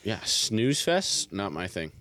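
A man's voice: lowish voice, sing-song, slow, sharp tone. A young man casually telling a profane story on a podcast and laughing often. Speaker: podcast co-host. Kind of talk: casual chat.

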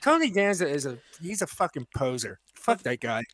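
A man's voice: fairly high pitch, sing-song, brisk, fairly bright tone, no echo. A man co-hosting a podcast, arguing his points insistently in crude, casual banter. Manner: argumentative, insistent. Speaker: podcast co-host.

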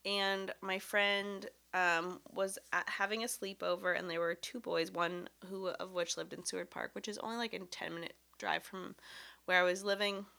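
Young Seattle woman co-host, bright tone, teasing and prompting. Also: mid-range voice, little pitch movement, moderate pace, vocal fry. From Seattle area. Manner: teasing, prompting questions, laughs often. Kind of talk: casual chat.

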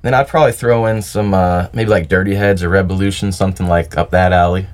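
A young man with a very deep voice, talking with easy calm as a podcast guest. He thinks out loud and often hedges with "probably" and "um.". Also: quick pace. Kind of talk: casual chat.

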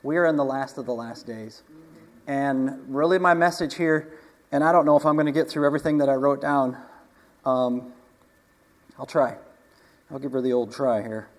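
Chatty preacher in a reverberant hall. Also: male voice, medium pitch, fairly even intonation, normal speed, pauses often. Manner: conversational, asks the audience questions, chuckles often. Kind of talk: casual sermon.

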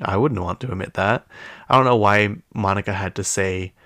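A man's voice: on the low side, steady tone, a little fast, fairly bright tone, dry recording. A man hosting a pop culture recap, chatting casually in a gossipy, opinionated and rambling way. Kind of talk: casual chat.

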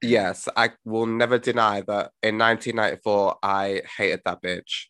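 A man's voice: lowish voice, fairly even intonation, normal speed, a bit bright, clean tone, no room sound. A man co-hosting a casual film review chat, emphatic and blunt, fond of repeated rhetorical questions. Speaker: podcast co-host.

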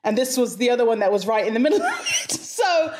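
A woman guest from Hawaii speaking with an English-leaning accent in a somewhat high voice. She talks frankly and chattily, with quick asides. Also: wildly swooping pitch, slight background noise. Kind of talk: casual interview chat.

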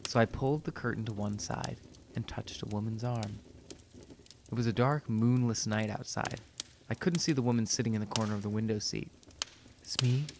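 A man narrating a story in a measured, even reading voice. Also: lowish voice, noisy background.

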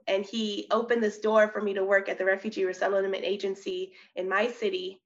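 A young woman, a missionary, telling her personal testimony in an interview, earnest and animated, often laughing and restarting her sentences. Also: mid-range voice, fairly quick, hardly any pauses. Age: young adult. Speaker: missionary guest. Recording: slightly dull audio.

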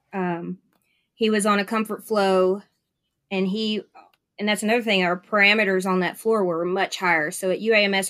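A woman's voice: lowish voice, a bit bright. A woman with a Southern US accent, a nurse, chatting casually in an interview and telling stories with lots of fillers. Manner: chatty, upbeat storyteller with many fillers.

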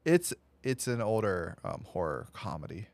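A man's voice: fairly low pitch, big pitch swings, moderate pace, dry recording. A man hosting a casual movie podcast, rambling through his notes with lots of fillers and restarts. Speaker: podcast host.

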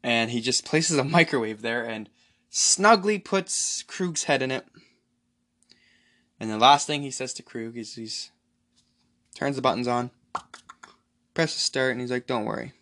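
A man hosting a solo podcast, rambling excitedly and profanely through a movie recap. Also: medium pitch, unhurried, pauses often. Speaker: podcast host.

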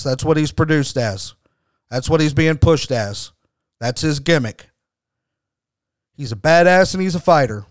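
A man with a fairly high, smooth voice tells a story for his podcast. He talks bluntly and hammers his points home with repetition and swearing. The sound is close and dry. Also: no echo. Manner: emphatic, blunt, swears freely. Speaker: podcast host. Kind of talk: storytelling commentary.

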